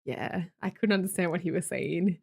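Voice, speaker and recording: A woman's voice: lowish voice, moderate pace, vocal fry, slightly rough. A young Australian woman chatting casually as a streamer, reading viewer comments aloud and joking around with a teasing, chatty manner. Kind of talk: casual chat with live viewers.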